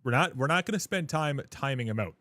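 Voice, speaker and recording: A man's voice: medium pitch, animated, fast talker, fairly bright tone, no echo. A man chatting casually on a gaming livestream, rambling and swearing as he jokes with his chat. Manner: rambling, profane, joking with chat; frequent filler words and restarts.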